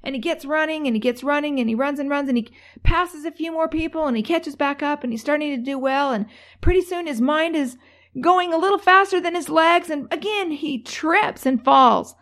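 A woman's voice: high-pitched, normal speed. A woman giving a motivational talk, telling stories in a chatty way full of fillers and restarts. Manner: chatty, many fillers and restarts, lively when telling a story. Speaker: motivational speaker.

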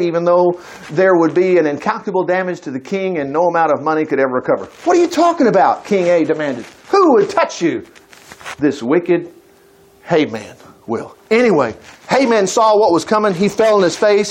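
A man preaching a sermon, retelling a Bible story in a lively, chatty way and acting out the characters' lines. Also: high-pitched, a little fast. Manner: animated, acting out voices, chuckling asides.

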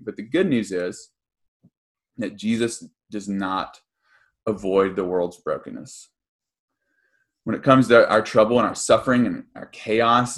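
A young man gives a sermon in a relaxed, conversational way. He sounds earnest and often stops to say um or restart a phrase. His voice sits at an ordinary middle pitch. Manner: casual and earnest, with frequent ums and restarts. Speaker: pastor.

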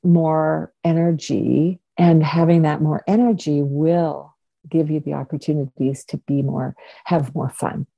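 A woman's voice: sits low, fairly even intonation, a little slow, creaky, mellow, husky, dry recording, lo-fi sound. An older woman co-hosting a parenting podcast, giving playful advice in a casual chat and laughing often. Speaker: podcast co-host, parenting coach.

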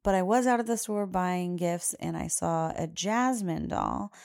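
Chatty mom with a gravelly, mellow voice. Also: female voice, on the low side, big pitch swings, a little slow. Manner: chatty, quotes her daughter in a raised voice. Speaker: podcast host. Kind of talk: casual storytelling monologue.

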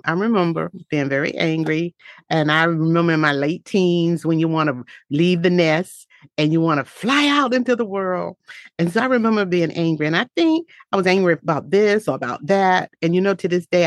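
A woman's voice: on the low side, dry recording, studio quality. Earnest woman giving a motivational talk. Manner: earnest and reflective, faith-filled.

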